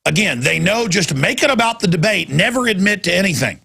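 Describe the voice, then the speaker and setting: Brief: male talk radio host, gravelly and forceful, rants with heat and repeats himself. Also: high-pitched, sing-song, a little fast. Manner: impassioned, ranting, repeats words.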